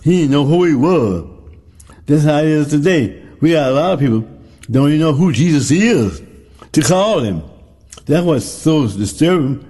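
A man's voice: fairly high pitch, animated, normal speed, warm tone, slightly rough. A man preaching a sermon, retelling a story in a folksy way and repeating phrases for emphasis. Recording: long hall reverb.

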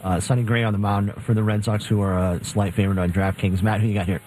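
A man's voice: on the low side, little pitch movement, fast, darkish tone, soft background music, rough recording. A man co-hosting a sports radio segment, steadily reading games and betting odds. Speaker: co-host reading betting lines. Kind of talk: casual sports betting chat.

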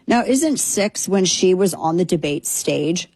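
A woman's voice: lowish voice, expressive, unhurried, dark tone, slightly rough, no room sound. A woman hosting a political talk show, delivering a sarcastic, indignant monologue. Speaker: political commentary host.

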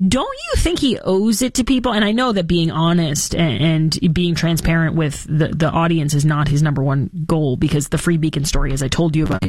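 A woman's voice: deep voice, a little fast, hardly any pauses, a little mellow, no room sound. A woman hosting a radio talk show, chatting on air with sarcastic, mock-dramatic asides. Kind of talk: casual on-air chat.

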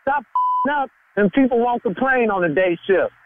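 A man's voice: very high voice, wildly swooping pitch, normal speed. A man on a phone call, arguing angrily and cursing defiantly. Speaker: prank call target. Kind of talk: heated phone argument. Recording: tinny noisy phone line.

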